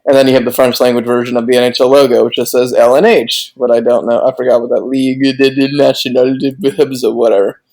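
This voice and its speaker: A man's voice: medium pitch, little pitch movement, fast talker, few pauses, a little mellow, poor audio. A male podcast co-host with a mid-range voice who rambles loosely through his points. He restarts sentences often and breaks into laughter easily in casual banter.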